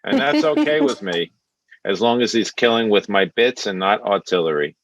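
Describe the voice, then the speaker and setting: A man's voice: on the low side, big pitch swings, moderate pace, creaky, fairly bright tone, no echo. A man in his sixties with a thick Brooklyn accent, telling stand-up one-liners over a video call and chuckling at his own jokes. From New York. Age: 60s. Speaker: stand-up comic. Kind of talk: stand-up set. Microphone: computer mic on video call.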